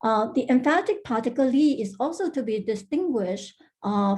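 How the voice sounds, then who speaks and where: A woman with a mellow, soft-edged voice presents research at an academic workshop over a video call. She explains step by step, pausing often on fillers and restarting her phrases. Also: medium pitch. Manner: frequent "uh" fillers and restarts, careful explanatory delivery. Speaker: linguistics researcher presenting a talk.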